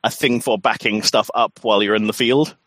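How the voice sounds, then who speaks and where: A man's voice: lowish voice, fairly even intonation, a little fast, fairly bright tone, no room sound. A man narrating a tabletop horror game as game master, in a loose, filler-heavy way.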